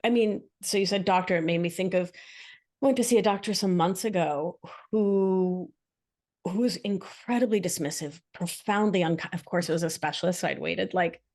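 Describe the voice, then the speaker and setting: A woman guest in an interview, talking expressively about her practice and telling animated stories. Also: on the low side, moderate pace. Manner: expressive, animated storytelling with acted quotes. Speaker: guest, somatic practitioner and author. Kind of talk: casual interview chat.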